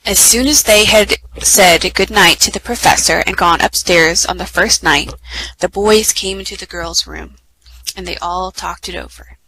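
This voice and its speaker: A woman reading a children's book aloud at story time, lively and with small self-corrections. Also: lowish voice, normal speed, low-quality recording. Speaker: storytime reader.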